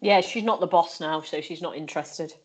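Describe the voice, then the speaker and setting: A woman's voice: low voice, a little fast, husky. A woman co-hosting a casual podcast chat, playful with dry quips. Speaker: podcast co-host.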